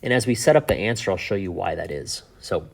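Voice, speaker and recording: A man teaching a math lesson in a relaxed, chatty way, thinking aloud with fillers and asides. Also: low voice, quick pace, gravelly. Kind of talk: casual whiteboard lesson.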